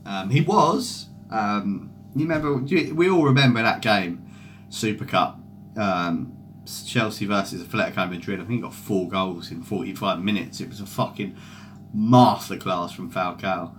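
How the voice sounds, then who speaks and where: A man's voice: lowish voice, normal speed, slight background noise. A young man chatting loosely on a football fan stream, swearing a lot and reading out viewer comments. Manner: sweary, rambling, reads out chat comments. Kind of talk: casual live-stream chat.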